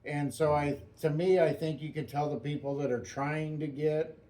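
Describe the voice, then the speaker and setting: A man's voice: on the high side, fairly even intonation, moderate pace, dark tone. A man co-hosting a casual podcast chat, musing aloud in a rambling, reflective way.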